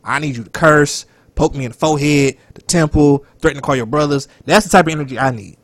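A man co-hosting a casual podcast chat, loud and animated, profane, sometimes dropping to a whisper. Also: fairly high pitch, fast talker, no room sound. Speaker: podcast co-host.

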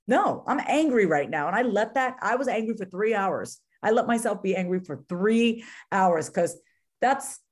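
A woman's voice: medium pitch, normal speed. Earnest woman in her thirties, chatty fillers. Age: 30s. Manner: earnest, frequent "right?" and "like" fillers. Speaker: guest author. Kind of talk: candid conversational talk.

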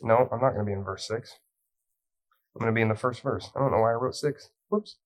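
Man, youth pastor, sermon, storytelling, light humor, dramatic scripture reading, mid-pitched voice. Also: fast, poor audio.

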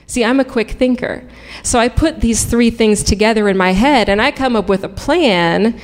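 A woman's voice: fairly high pitch, normal speed, few pauses. A woman telling a frank, comic personal story live on stage, swearing freely and narrating with dry humor. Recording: reverberant hall.

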